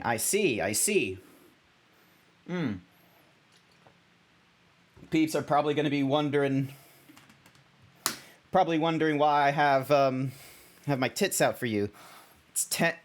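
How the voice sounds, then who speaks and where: A young Australian man talks to his stream viewers in a loose, rambling way. He doubles back and restarts his sentences often. His voice sits a little on the high side for a man. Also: expressive, measured pace, long pauses. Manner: rambling, self-correcting, chatty. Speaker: VTuber streamer. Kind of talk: casual stream chat.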